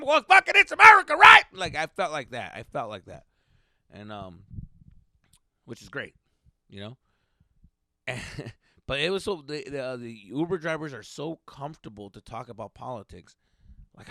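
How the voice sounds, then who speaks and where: A man from California who hosts a comedy podcast and tells a profane, animated story, laughing often. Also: mid-range voice, dry recording, studio quality.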